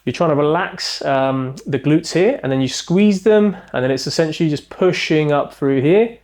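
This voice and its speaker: A man's voice: a little high, normal speed, a little mellow. A man, a chiropractor, demonstrating back exercises step by step, cueing each movement and counting down reps, his voice at times slightly strained while holding a position.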